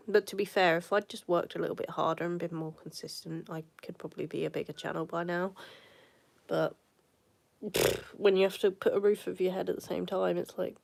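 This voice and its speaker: A woman's voice: fairly low pitch, creaky, darkish tone. A woman live streaming, chatting in a rambling way and now and then dropping into a whisper. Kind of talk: casual live-stream chat.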